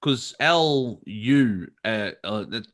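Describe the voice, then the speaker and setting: A man's voice: mid-range voice, lively intonation, extremely slow, a bit bright. Man, comedy co-host, casual banter, frequent laughs, rambling delivery. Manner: laughs often, rambling with restarts.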